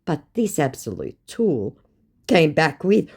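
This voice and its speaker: Sarcastic Australian woman, lively low voice. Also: measured pace. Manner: sarcastic, mocking. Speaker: channel host. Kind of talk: narrating scambait chats.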